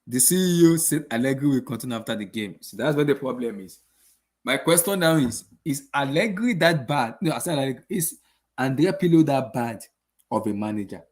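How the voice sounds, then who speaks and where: A man's voice: medium pitch, expressive, brisk, darkish tone. A young man hosting a casual football channel, ranting after a match with exasperated rhetorical questions and lots of repetition. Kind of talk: casual post-match rant.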